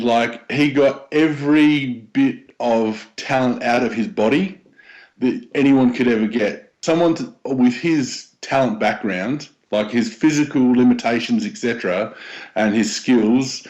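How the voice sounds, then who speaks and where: An Australian man chatting as a guest on a sports podcast. He sounds keen and enthusiastic, and he stops often to search for words. His voice sits at an ordinary middle pitch. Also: a little mellow, highs cut off. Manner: enthusiastic, halting with many ums. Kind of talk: casual sports chat.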